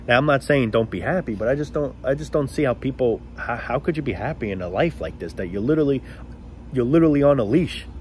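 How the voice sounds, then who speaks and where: Man, middle pitch, blunt profane sarcastic rant, faint background noise. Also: lively intonation, fast. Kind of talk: casual rant to camera.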